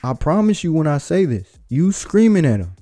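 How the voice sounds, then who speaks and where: Male reaction host, lecturing and opinionated, mellow voice, soft music behind. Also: on the high side, sing-song, normal speed, no room sound. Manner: blunt, lecturing. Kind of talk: opinionated commentary.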